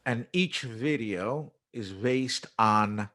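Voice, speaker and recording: A man's voice: medium pitch, extremely slow, pushed and bright. A man who is an English teacher and musician, explaining his method in a conversational interview and acting out classroom phrases as he goes.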